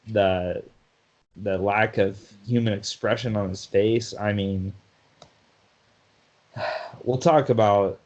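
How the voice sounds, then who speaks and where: A man's voice: on the low side, darkish tone, muffled recording. A man co-hosting a sports podcast in casual chat, talkative, often laughing and restarting his sentences. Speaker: podcast co-host.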